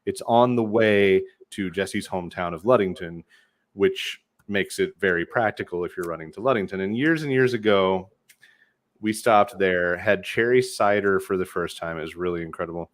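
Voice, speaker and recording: A podcast co-host with a low-pitched voice talks at a moderate pace, with no echo. He chats casually and playfully while reviewing beers, swearing freely.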